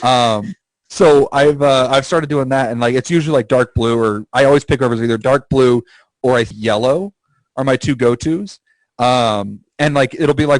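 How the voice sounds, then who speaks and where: A man co-hosting a podcast, telling stories in casual chat, swearing freely and jumping into high silly voices for the people he quotes. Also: normal speed, no echo, low-quality recording. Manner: swears freely, laughs at his own stories. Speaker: podcast co-host.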